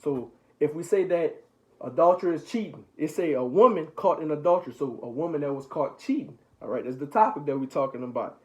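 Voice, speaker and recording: Young guy kinda high voice, reading bible to his lil bro and breaking it down in slang. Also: fairly quick, low-quality recording. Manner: paraphrases scripture in relaxed slang. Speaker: older brother leading Bible study. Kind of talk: casual Bible reading and explaining.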